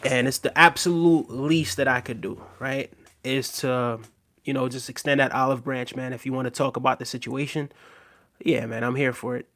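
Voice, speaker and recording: A man's voice: mid-range voice, fairly even intonation, moderate pace, a bit bright. A man hosting a casual livestream, reading viewer comments aloud and talking to his audience in an earnest, reassuring way with lots of fillers. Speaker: livestream host.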